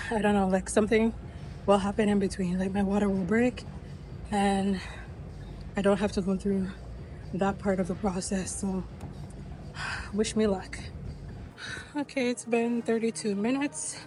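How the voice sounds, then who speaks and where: A woman's voice: medium pitch, warm tone, a little hiss or hum, poor audio. A young woman vlogging candidly at the gym, out of breath after a treadmill walk. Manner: candid, chatty. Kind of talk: casual vlog chat.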